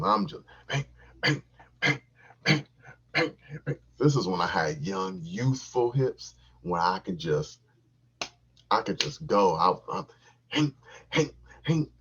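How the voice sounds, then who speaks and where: A man hosting a podcast, telling a crude, profane comic story in an animated, repetitive way with a husky voice on a dull, lo-fi recording. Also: low-pitched, a little slow. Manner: animated, crude, repeats himself for laughs.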